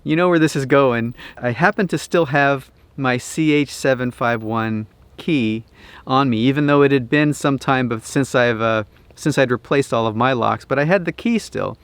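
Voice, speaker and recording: A man hosting an RV do-it-yourself vlog, telling a story in a chatty, relaxed way. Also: mid-range voice, moderate pace, clear, resonant tone, no echo. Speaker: RV DIY channel host.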